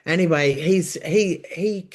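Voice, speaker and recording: A middle-aged Australian woman and nurse telling her story in a casual chat, animated and emphatic, rambling with frequent restarts. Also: lowish voice, slow. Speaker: guest, nurse.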